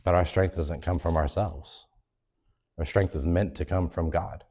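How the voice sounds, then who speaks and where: A man's voice: low-pitched, fairly even intonation, a little slow, a little mellow. A man teaching a Sunday school lesson in an earnest, conversational way. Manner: earnest, conversational, acts out quoted complaints.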